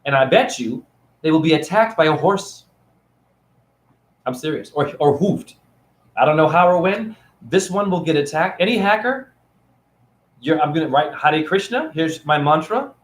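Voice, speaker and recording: A man ranting to camera in a rambling vlog monologue, swinging between loud outbursts and hushed asides. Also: fairly high pitch, expressive, normal speed, long pauses. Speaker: vlogger and spiritual teacher.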